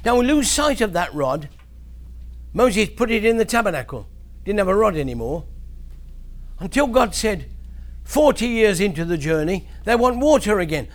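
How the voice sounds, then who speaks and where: A man preaching to children, telling a Bible story in an animated way with big swings in his voice. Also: high-pitched, normal speed.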